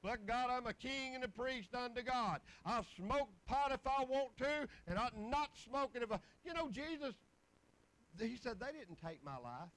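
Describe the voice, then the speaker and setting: A man's voice: very high voice, measured pace, a bit bright, low-quality recording. A middle-aged man, preaching a folksy, rambling testimony full of scripture. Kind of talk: sermon.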